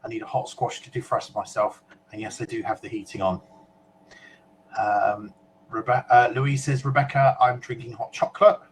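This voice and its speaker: A man's voice: mid-range voice, flat delivery, moderate pace, a little hiss or hum, poor audio. A man from the UK co-hosting a casual web chat show, reading out viewer comments in a chatty way with fillers and small asides.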